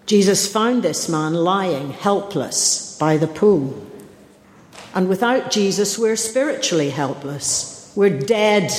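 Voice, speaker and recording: A woman delivers a sermon at a slow, deliberate pace, earnest and reflective, pausing over searching questions. Her voice rings through a roomy church with a long reverb tail. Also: lowish voice, darkish tone. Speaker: preacher.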